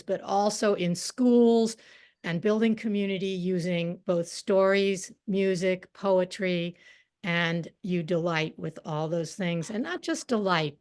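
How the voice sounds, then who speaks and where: A woman hosting a storytelling event, enthusiastically introducing the next teller over a video call. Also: medium pitch. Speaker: event host.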